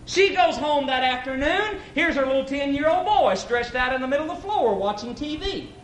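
A man's voice: very high voice, lively intonation, normal speed, few pauses, a bit bright, echoey room, a little hiss or hum, low-quality recording. A man preaching a folksy, emphatic sermon at an evening church service, telling a story and acting out its characters.

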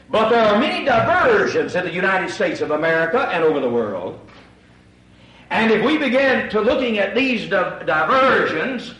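High, lively preacher in an echoey hall. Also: male voice, recorded from a distance. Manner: animated, asks the audience rhetorical questions. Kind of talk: sermon. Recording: echoey room, voice from away from the mic.

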